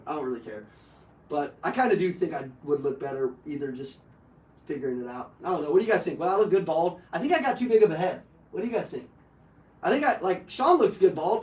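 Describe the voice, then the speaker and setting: A high-voiced man gives a live sales training to a room of people. He jokes loudly, swears freely and keeps the energy up. The sound is roomy, and he is heard from some distance from the mic. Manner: loud, joking, profane and energetic.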